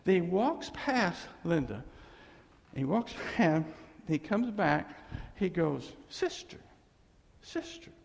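Gravelly, folksy pastor telling stories. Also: male voice, on the high side, expressive, slow, long pauses. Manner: folksy, rambling, laughing asides. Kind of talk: storytelling sermon. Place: church sanctuary. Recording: long reverb of a church hall.

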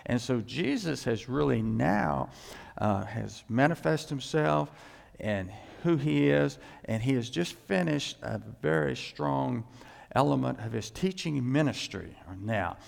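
A male pastor preaching a sermon in an emphatic way, climbing in pitch and loudness to stress his points. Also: expressive, a little slow, gravelly. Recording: long reverb in a large hall.

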